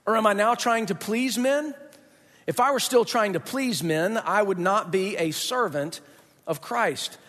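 A man preaching a sermon as pastor, talking in an emphatic, conversational way with dramatic pauses. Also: sits high, fairly bright tone. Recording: long hall reverb.

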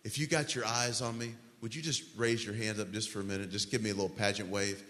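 A man preaching a sermon as pastor, earnest and pleading, slowly leading the congregation through a prayer. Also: on the low side, fairly even intonation, a bit bright. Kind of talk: sermon altar call. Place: large church hall. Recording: long church hall reverb.

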